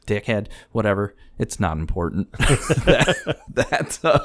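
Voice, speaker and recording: Deep-voiced man chatting about a film. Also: unhurried, no room sound, clean studio sound. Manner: relaxed, swears casually, fillers. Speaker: podcast co-host. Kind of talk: casual movie chat.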